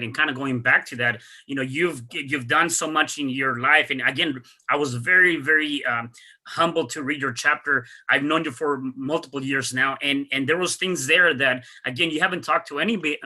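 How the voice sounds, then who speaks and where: A man's voice: on the high side, pushed and bright, husky. A man hosting a podcast, asking an earnest, rambling question with many restarts. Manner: earnest, repetitive restarts and fillers. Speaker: podcast host. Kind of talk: interview questions.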